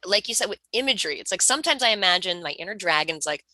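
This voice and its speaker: A woman's voice: mid-range voice, animated, racing, sharp tone, no echo. A woman sharing candidly in a casual peer talk, swearing a lot and often restarting her sentences. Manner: raw, heavy swearing, frequent restarts.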